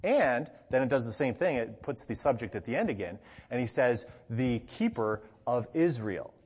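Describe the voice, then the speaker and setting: A man's voice: medium pitch, a little fast, husky. A man giving a conversational teaching sermon as a pastor, often checking in with the congregation and stressing key words with animation. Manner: conversational, frequent "okay?" check-ins, animated emphasis. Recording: long hall reverb.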